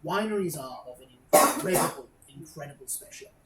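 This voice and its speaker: A woman's voice: sits low, lively intonation, fast talker. A woman narrating as game master of a tabletop game, describing scenes with frequent ums and restarts. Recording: roomy echo with faint noise.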